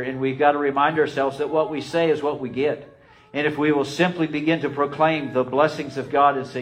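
A man preaching a sermon, emphatic and repetitive, swinging between loud rises and quiet drops. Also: medium pitch, fairly even intonation, normal speed, a little hiss or hum, low-quality recording. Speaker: pastor.

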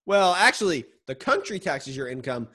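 Young man, casual co-host, teasing banter, high bouncy voice. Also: big pitch swings, sharp tone. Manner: playful, teasing, quick banter. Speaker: podcast co-host. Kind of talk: casual chat.

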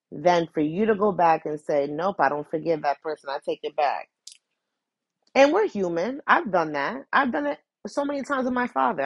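Very deep, gravelly-voiced woman host. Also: dry recording, lo-fi sound. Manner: earnest and heartfelt, addressing listeners directly; conversational, with restarts and repeated phrases. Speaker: podcast host. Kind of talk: casual motivational monologue.

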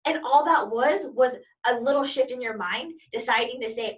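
Brief: woman motivational coach, fairly high voice, emphatic and repetitive, mic set a little back. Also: moderate pace, few pauses, distant mic. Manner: emphatic and repetitive, piling up examples. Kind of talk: motivational talk.

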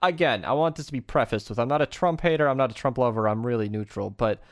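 A man chatting casually as a podcast co-host, rambling and animated, laughing often and swearing. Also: mid-range voice, quick pace. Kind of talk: casual chat.

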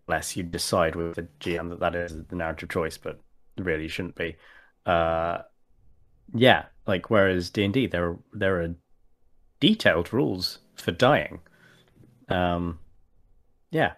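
A man's voice: sits low, measured pace, long pauses, a bit bright. A man chatting casually as a podcast co-host and tabletop player, rambling with many fillers and restarts. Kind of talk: casual chat.

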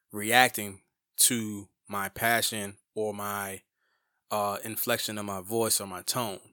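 A man's voice: fairly low pitch, pushed and bright, clean tone, no room sound, clean studio sound. A man, a community advocate, telling a personal story in a passionate, emphatic way, often restarting his sentences.

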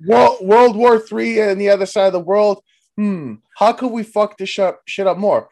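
High-voiced man hosting a loud, profane podcast. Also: moderate pace, creaky. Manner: loud, profane, joking banter. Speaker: podcast host. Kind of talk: casual comedy podcast chat.

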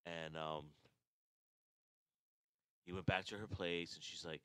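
A man from New York co-hosting a podcast, telling profane, animated stories with bursts of laughter. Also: low-pitched, takes it slowly, smooth, no echo. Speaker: podcast co-host. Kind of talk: crude casual storytelling.

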